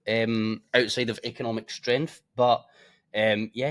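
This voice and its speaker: A man's voice: mid-range voice, level tone, a little slow, fairly bright tone. A tired man giving casual, blunt market commentary as a forex trading presenter. He swears freely, keeps yawning and makes offhand asides.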